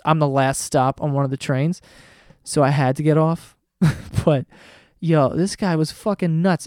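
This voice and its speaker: A man hosting a comedy podcast, telling a story in a casual, excitable way, swearing often and breaking into laughter. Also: fairly high pitch, no echo, studio quality.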